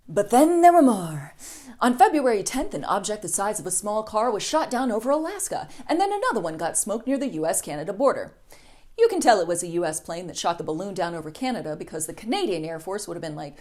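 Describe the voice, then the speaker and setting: A woman's voice: mid-range voice, sing-song, quick pace, darkish tone. A woman hosting a satirical news monologue, sarcastic and snarky. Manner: sarcastic, snarky, with lots of mock voices. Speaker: news comedy host.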